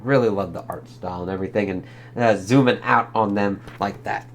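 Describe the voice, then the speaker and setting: A man's voice: lowish voice, a little fast. Laid-back man reviewing a comic. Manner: laid-back, laughs and swears. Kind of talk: casual comic read-along review.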